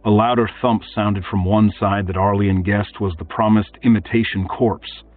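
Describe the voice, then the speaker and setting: A man narrating a fantasy audiobook in a steady, measured storytelling manner. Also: on the low side. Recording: tinny phone-like, distant, faint music.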